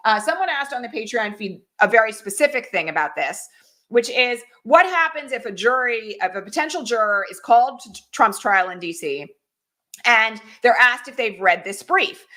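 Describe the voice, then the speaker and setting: Middle-aged woman doing political commentary on a stream, bright voice, pushes hard with rhetorical questions. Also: on the high side. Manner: urgent, direct, asks rhetorical questions. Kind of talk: livestream commentary.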